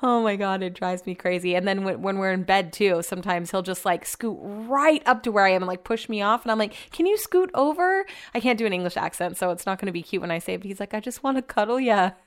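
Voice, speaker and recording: A woman's voice: mid-range voice, quick pace, hardly any pauses. A young adult woman talking casually in a rambling, upbeat vlog, with a lot of "like" in her speech. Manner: rambling, upbeat, chatty with lots of "like". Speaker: vlogger.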